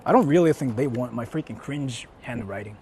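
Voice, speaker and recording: A male live-streamer walks a city street at night and talks into a handheld mic. He speaks in loud, profane, mocking bursts, slips between English and Japanese, and his tone stays dark and mellow. Faint traffic hums behind him. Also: mid-range voice, lively intonation, brisk. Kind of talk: casual live-stream chatter.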